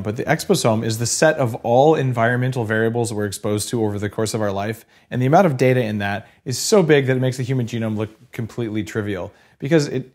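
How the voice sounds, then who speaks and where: A man's voice: on the low side, a little mellow. Curious rambling podcast host, a man. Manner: rambling, curious, hesitant restarts. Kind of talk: podcast interview.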